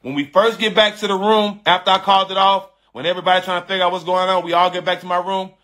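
A man with a fairly high, bright, forceful voice tells a story to his viewers in a loose, slangy way. He talks emphatically and frankly, circling back to repeat his key lines. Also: fast talker. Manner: animated and emphatic, repeating phrases, addressing listeners as "dog" and "bro"; frank and confessional, with slangy speech. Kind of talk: casual storytelling to an online audience.

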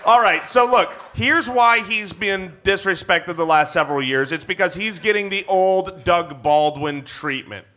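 A man co-hosting a live podcast on a theater stage, talking in an energetic, fast and emphatic way. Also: high-pitched. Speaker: podcast co-host. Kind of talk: live podcast banter before an audience.

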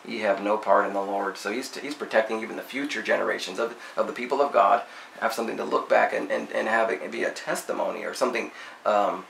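Gravelly man talking through scripture. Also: on the low side, quick pace, fairly bright tone. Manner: reads scripture aloud then paraphrases it in slangy everyday talk. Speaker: Bible teacher. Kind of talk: casual Bible study commentary. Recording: echoey room with faint noise.

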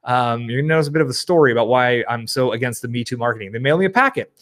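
A man hosting a live stream, reading viewer comments and answering in a rambling, animated way. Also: mid-range voice, very fast. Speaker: livestream host. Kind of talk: casual live Q&A.

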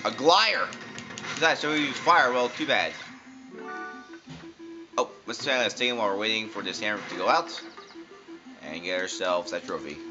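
A man giving casual, jokey let's-play commentary, talking back to the game characters as he plays. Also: on the low side. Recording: dull lo-fi sound with loud game music.

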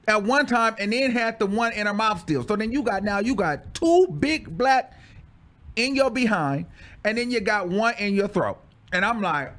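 Animated high-voiced man telling a story. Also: normal speed. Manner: animated, exclamatory, dramatic storytelling. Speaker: vlogger telling a personal story. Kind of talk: casual story time.

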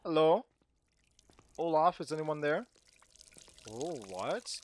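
Excitable man commentating a game. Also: a little high, normal speed, long pauses. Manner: jumpy, excitable, talks to himself. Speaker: gaming channel host. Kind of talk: let's play commentary. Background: game music.

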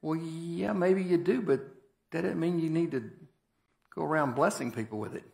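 A man's voice: fairly high pitch, normal speed, vocal fry, a little mellow. A man preaching a sermon as pastor, in a folksy, conversational and emphatic way. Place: church sanctuary. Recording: echoey church hall.

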